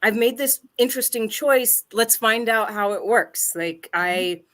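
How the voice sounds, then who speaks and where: A woman's voice: fairly high pitch, a little slow, a bit bright. A woman improviser and co-host chatting casually on a podcast, rambling, self-mocking and laughing often.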